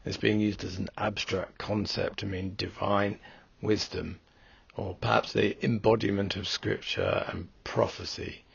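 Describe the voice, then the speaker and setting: A man's voice: fairly low pitch, steady tone, a little slow, vocal fry, breathy edge, no echo, lo-fi sound. A man teaching a language lesson, going through word forms step by step in a methodical way. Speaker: Greek teacher. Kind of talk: recorded lesson walkthrough.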